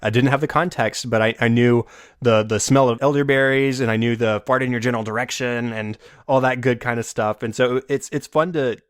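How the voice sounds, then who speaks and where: A man co-hosting a podcast, leading a relaxed conversation. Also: medium pitch, fairly quick, clean tone, no echo, studio quality. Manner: relaxed, conversational, leads the discussion. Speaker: podcast co-host. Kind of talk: casual chat.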